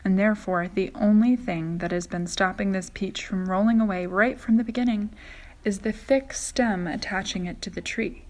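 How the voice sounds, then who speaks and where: A woman reading a kind, gentle ladybug. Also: mid-range voice, fairly even intonation, moderate pace, natural voice. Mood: kindly. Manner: kindly, explaining.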